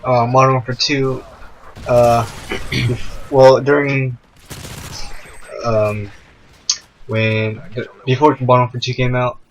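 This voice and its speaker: A man's voice: mid-range voice, little pitch movement, takes it slowly, pauses often, slight background noise, rough recording. Man giving short cues in game chat. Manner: brief, prompts the other with short cues. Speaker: co-commentator. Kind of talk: casual gaming chat.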